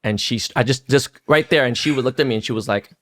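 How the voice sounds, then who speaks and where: A man's voice: medium pitch, quick pace. Profane storytelling man in his fifties. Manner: profane, animated storytelling with acted quotes. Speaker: podcast co-host. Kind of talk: casual storytelling chat.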